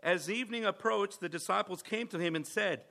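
Bright-voiced enthusiastic male preacher. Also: high-pitched, a little fast, gravelly. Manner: enthusiastic, asks the listeners questions, frequent restarts. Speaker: pastor. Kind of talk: sermon with scripture reading.

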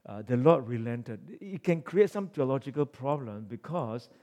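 Guy preaching a sermon, gets loud then drops quiet, asks the congregation questions. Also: mid-range voice, lively intonation, moderate pace. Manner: reads scripture aloud, swings between loud emphatic passages and quiet asides. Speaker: pastor.

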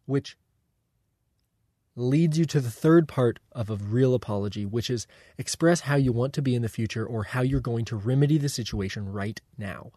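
A man explains things in a mellow, relaxed voice, at a middle pitch. His delivery is deliberate and coaching, and he keeps pausing to ask "okay?" and "right?". The sound is close and dry, with almost no room around it. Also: no room sound. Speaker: self-help teacher. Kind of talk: instructive monologue.

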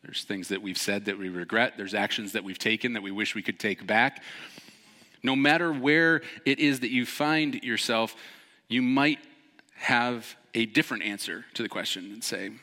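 A man preaching a sermon as pastor, telling a story and acting out its shouted dialogue. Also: on the low side, normal speed. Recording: long church hall reverb.

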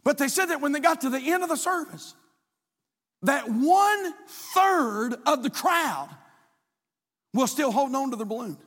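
A man preaching as pastor to his congregation, building to shouted, rhythmic lists of praise. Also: extremely high pitch, lively intonation, unhurried. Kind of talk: sermon. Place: large church sanctuary. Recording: long hall reverb.

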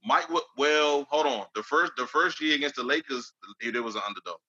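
A man's voice: fairly high pitch, fairly quick, pushed and bright, breathy edge, muffled recording. A man co-hosting a casual sports debate, joking, emphatic and laughing often.

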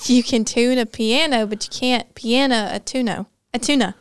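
A woman makes dry, wry remarks in relaxed group chat. Her voice sits a bit high and sounds close and dry. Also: normal speed, clean tone, no echo. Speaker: church staff member. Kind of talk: casual chat.

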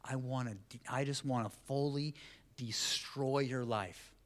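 A man voicing the devil as a prowling, hungry male figure, speaking low and slow in a scheming mutter during a sermon. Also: close to an everyday voice.

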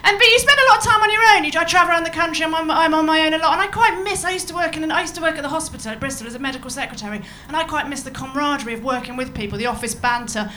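A woman's voice: high voice, rapid-fire, hardly any pauses, pushed and bright, a little hiss or hum. A woman doing a stand-up set to a live audience, chatty and bawdy, laughing at her own jokes. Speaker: stand-up comedian. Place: comedy venue with a live audience.

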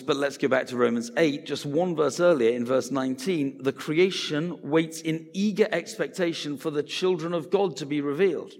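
Man preaching in a reverberant hall. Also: medium pitch. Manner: conversational, acts out quoted voices. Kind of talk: sermon.

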